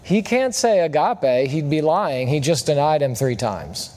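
A man with a slightly high voice preaches a sermon. He keeps it relaxed and conversational, stopping now and then to ask the congregation a question. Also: unhurried. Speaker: guest preacher. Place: church service.

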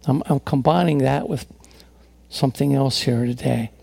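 A man's voice: mid-range voice, normal speed, gravelly, a little mellow, slightly rough, dry recording. A man preaching a sermon as a pastor, telling stories earnestly, often restarting and repeating words.

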